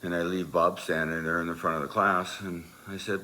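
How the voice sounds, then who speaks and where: A man telling a personal story in a loose, animated way, moving from quiet asides to loud, emphatic bursts. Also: low-pitched, brisk, a little hiss or hum. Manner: loose, with many fillers and restarts.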